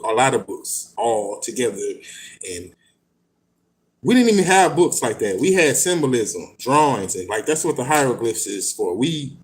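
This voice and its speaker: A man reading passages from a book aloud and then riffing on them in blunt, slangy, profane casual talk. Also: medium pitch. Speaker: host reading and commenting on an occult book.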